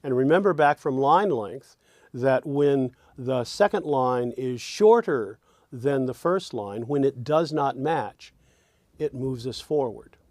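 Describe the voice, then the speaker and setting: A man's voice: mid-range voice, expressive, slow pace, darkish tone, no echo, clean studio sound. A man teaching songwriting in a reflective lecture, often sounding out rhythms with sung syllables.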